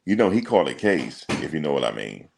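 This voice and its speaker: Very deep gravelly-voiced man chatting. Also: fairly quick, slight background noise. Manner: relaxed slangy banter, thinks aloud with ums. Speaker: reaction streamer. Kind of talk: casual chat reading viewer comments.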